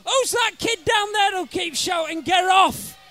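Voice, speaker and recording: A man performing brash comic verse at a live gig, shouting at his listeners. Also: very high voice, moderate pace, soft background music. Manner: brash, rowdy, bellowing at listeners. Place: live music venue.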